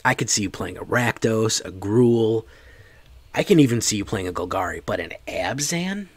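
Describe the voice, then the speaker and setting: A man's voice: fairly low pitch, moderate pace, husky, no echo. A man streaming a card game, chatting casually and joking with his chat.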